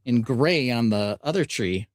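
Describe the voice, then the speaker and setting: Male host, relaxed live-stream chat, talks through the build step by step, dry close sound. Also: medium pitch, a little slow, no echo. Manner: easygoing, explains steps as he builds.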